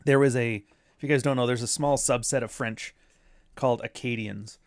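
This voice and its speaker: A man of middle pitch talks through a casual commentary, wandering off on tangents with sarcastic jabs. The sound is close and dry, with no room around it. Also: fairly even intonation, normal speed, no room sound. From Canada. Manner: rambling, sarcastic asides. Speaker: commentary host.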